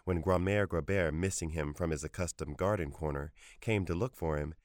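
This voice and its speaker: Deep-voiced male storybook narrator. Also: moderate pace, no echo, studio quality. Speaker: audiobook narrator. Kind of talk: scripted narration.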